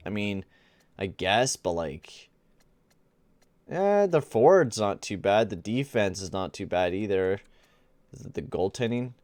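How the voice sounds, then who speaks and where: A man's voice: fairly low pitch, animated, measured pace, pauses often, darkish tone, dry recording. A young man giving casual gameplay commentary, rambling and exasperated, full of slang like "dude" and "bruh". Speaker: gaming channel host.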